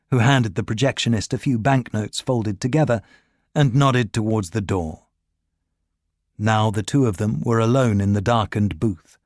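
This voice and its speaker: Measured male audiobook narrator, dry sound. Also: mid-range voice, no room sound. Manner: measured, steady storytelling. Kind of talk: scripted narration.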